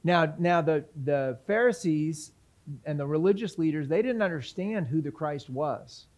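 Male pastor teaching scripture, higher-pitched voice, casual questions to the congregation. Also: unhurried. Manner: conversational teaching with questions to the audience; reads scripture aloud. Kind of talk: sermon, Bible teaching.

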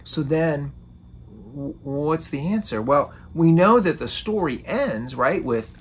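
A man's voice: fairly high pitch, slow, slightly rough. A man preaching a sermon, earnest and often repeating words as he starts a phrase. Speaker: pastor.

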